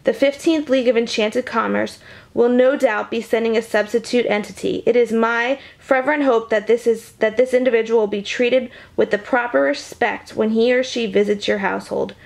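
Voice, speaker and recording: A woman's voice: fairly high pitch, fairly even intonation, normal speed, vocal fry. A woman reading as a prim, stern fairy official.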